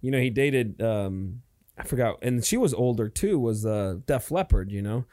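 A man's voice: mid-range voice, lively intonation, normal speed, dark tone. A man in his forties telling a rambling, profane story in casual chat, acting out what people said.

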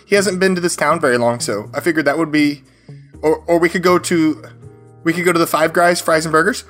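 A man's voice: a little high, fairly even intonation, fairly quick, a bit bright, soft background music. A man playing a tabletop role-playing game, chattering eagerly and rambling in character. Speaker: player.

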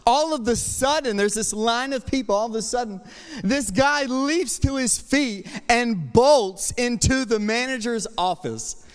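A man's voice: very high voice, animated, measured pace, smooth, long reverb tail. A young adult man preaching a sermon as pastor, passionate and conversational, with restarts and fillers. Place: church sanctuary.

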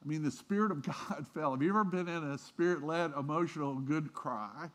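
A man preaching a sermon, telling stories with feeling and swinging between hushed and emphatic delivery. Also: on the high side, fairly quick. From Southern United States. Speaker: pastor.

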